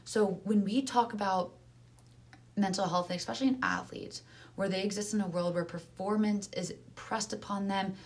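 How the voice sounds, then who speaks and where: Earnest woman talking in casual conversation. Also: fairly low pitch. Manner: earnest, animated, many fillers.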